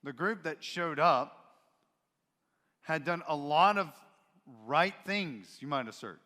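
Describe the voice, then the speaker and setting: A male pastor preaching a sermon in a church, expressive and emphatic, switching into voices to act out quotes. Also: on the high side, slow pace. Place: church sanctuary. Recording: reverberant church sanctuary.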